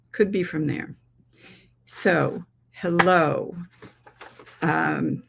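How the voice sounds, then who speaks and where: A woman hosting a relaxed craft livestream speaks in a lower voice with a put-on Southern drawl. She talks slowly and rambles, chatting with her viewers as she demonstrates. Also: vocal fry. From New England. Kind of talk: casual craft livestream demo.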